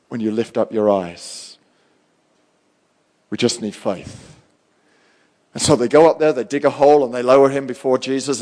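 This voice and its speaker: A male pastor giving a live sermon, fervent and swinging between loud and hushed. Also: medium pitch.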